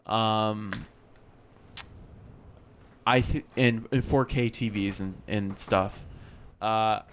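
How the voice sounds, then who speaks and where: A man's voice: on the low side, fairly even intonation, very slow, a bit bright, a little hiss or hum. A young man co-hosting a podcast, chatting casually and rambling with fillers. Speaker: podcast co-host. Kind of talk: casual chat.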